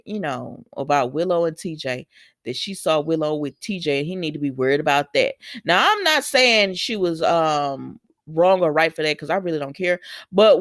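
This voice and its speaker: Chatty woman recapping a soap, low-pitched. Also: no echo, studio quality. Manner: chatty, addresses viewers directly, retells scenes with quoted lines; opinionated asides scolding characters. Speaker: soap opera recap host. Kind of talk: casual recap chat.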